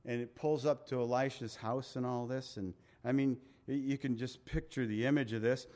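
A man's voice: medium pitch, expressive, moderate pace. Conversational male preacher. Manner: conversational preaching with asides and small laughs; reads scripture in a raised voice. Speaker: pastor. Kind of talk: sermon.

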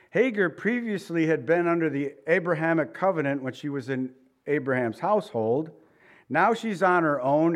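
A middle-aged man preaching a sermon in a conversational way, asking the listeners rhetorical questions. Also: fairly high pitch. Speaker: pastor.

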